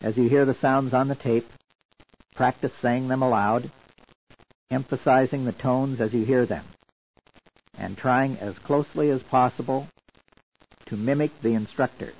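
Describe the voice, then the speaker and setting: A man narrates an old language course in a measured, explanatory way, his voice squeezed thin and tinny as if heard through a phone line. He sits at an everyday middle pitch. The tape sounds old and lo-fi. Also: steady tone. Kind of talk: scripted instructional narration.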